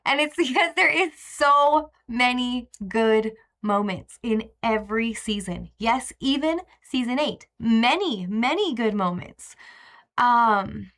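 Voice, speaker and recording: A woman's voice: fairly high pitch, animated, slow, fairly bright tone. A young woman talking through a live stream recap in a loose, rambling way. She gushes and trails off, filling gaps with ums and little laughs, sounding openly emotional about what she watched. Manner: chatty, rambling, emotional, many fillers. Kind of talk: casual live-stream chat.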